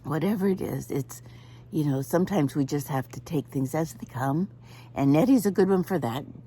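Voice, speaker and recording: A woman's voice: low-pitched, expressive, moderate pace, warm tone, slight background noise. An older woman chatting to camera outdoors, telling a story with lots of laughter. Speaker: vlogger.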